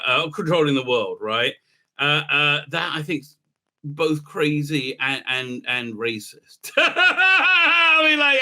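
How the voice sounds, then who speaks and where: A rabbi talking through a casual commentary monologue, rambling and sarcastic, breaking into laughter often. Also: male voice, fairly high pitch, pushed and bright.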